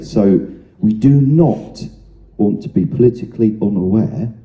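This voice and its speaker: A man giving an informal training talk to a live audience, chatty and anecdotal, speaking straight to the room. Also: lowish voice. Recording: roomy, dull lo-fi sound.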